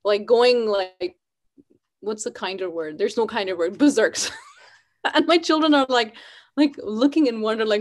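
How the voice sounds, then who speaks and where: A woman's voice: fairly high pitch, unhurried. A woman hosting a casual interview over a video call, chatty and laughing as she talks. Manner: warm chatty host, laughs often. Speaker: host.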